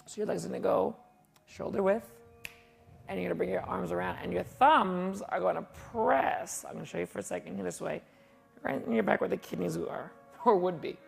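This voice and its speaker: A woman's voice: fairly low pitch, a little fast, creaky, husky, faint music behind. A woman leading a qigong class with chatty, folksy instructions and asides, in a fitness studio. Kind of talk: guided exercise class. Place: martial arts and fitness studio.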